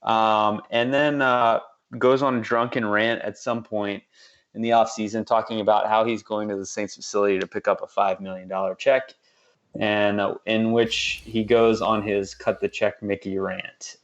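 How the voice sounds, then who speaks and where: A man's voice: fairly low pitch, level tone, moderate pace, highs cut off. A man co-hosting a casual sports podcast, rambling with lots of fillers and restarts. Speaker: podcast co-host.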